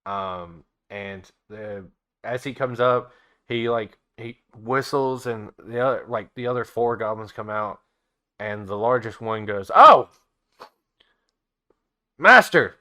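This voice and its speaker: A man narrating as game master, chatty, laughing often and dropping his voice low to narrate. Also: fairly even intonation, unhurried, a bit bright.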